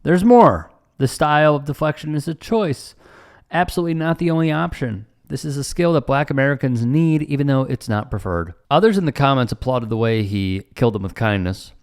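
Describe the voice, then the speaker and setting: A man's voice: mid-range voice, smooth. A man hosting online news commentary, emphatic and sarcastic, with an indignant edge. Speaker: commentary host.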